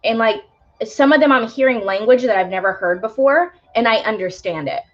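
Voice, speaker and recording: A woman's voice: a little high, fairly quick, muffled recording. A young woman giving live tarot readings, talking casually with many fillers about spiritual topics. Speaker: tarot reader.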